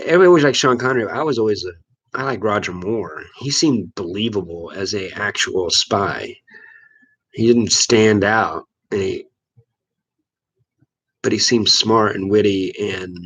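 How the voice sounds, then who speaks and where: A man from Missouri casually hosting a live stream, chatting with viewers in a relaxed, rambling way. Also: on the low side, normal speed, slightly rough, poor audio. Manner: laid-back, rambling, chuckles often. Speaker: livestream host.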